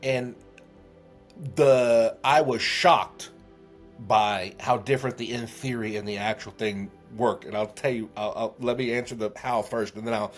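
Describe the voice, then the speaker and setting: A man's voice: medium pitch, steady tone, unhurried, faint music behind. A man telling a heartfelt story as a podcast guest, earnest, with many restarts. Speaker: guest, memory trainer.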